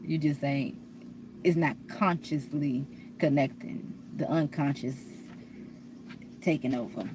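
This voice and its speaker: Profane, preachy woman vlogger with a low voice. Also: takes it slowly, pauses often, noisy background. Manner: blunt, profane, preachy, rambling with restarts. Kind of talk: candid confessional monologue.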